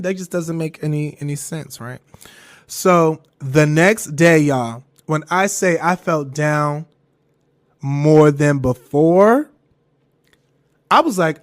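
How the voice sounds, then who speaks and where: A young man hosting a podcast and telling a personal story in casual chat, swearing freely, laughing as he goes and jumping into a high falsetto when he quotes himself. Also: animated, takes it slowly. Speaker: podcast host.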